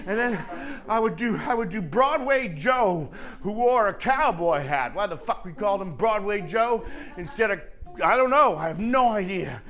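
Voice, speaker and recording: A man's voice: sits high, lively intonation, moderate pace, few pauses, fairly bright tone. A man performing a confessional stage monologue, earnest and emotional as he speaks to his late mother, tearful at times.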